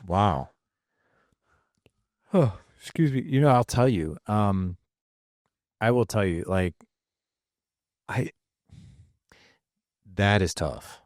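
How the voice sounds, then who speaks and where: A man's voice: lowish voice, animated, slow, long pauses, a little mellow, dry recording, clean studio sound. A middle-aged man hosting a podcast, chatting casually with his son and reacting with short remarks. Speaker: podcast host, father. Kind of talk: casual conversation.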